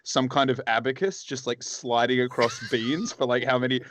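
A man's voice: medium pitch, fairly even intonation, normal speed, fairly bright tone, slight background noise. A man co-hosting a tabletop wargaming show in casual chat, rambling, teasing and swearing freely. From Australia. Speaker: podcast co-host.

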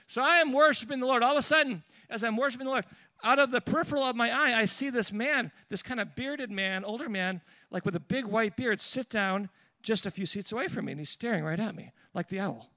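A man preaching and telling a lively personal story, with restarts and asides along the way. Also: extremely high pitch, fairly quick, no room sound. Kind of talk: storytelling sermon.

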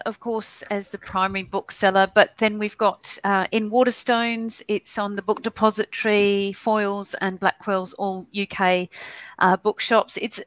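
A woman's voice: medium pitch, dry recording. Dry-sounding woman promoting her book. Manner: steady, informative, some restarts. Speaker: book co-author, guest. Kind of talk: casual interview chat. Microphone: video call.

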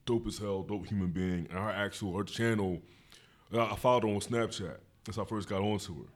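Male podcast host, low-ish voice, slangy and laid-back, quick hype shout-outs. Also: steady tone. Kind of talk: casual chat.

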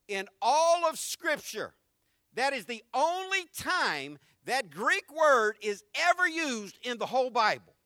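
A man with a high, bright voice preaches to his congregation in a lively, conversational style, full of slang and jokes. He often repeats a word as he gets going. The recording is dry and close, with little room sound. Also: slow pace, dry recording. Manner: repeats words when starting sentences. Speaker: pastor. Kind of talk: sermon.

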